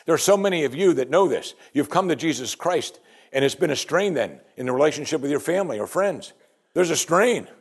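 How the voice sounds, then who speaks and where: A man's voice: fairly high pitch, animated, fairly quick, creaky, slightly rough. A man preaching a sermon, talking emphatically and asking rhetorical questions again and again.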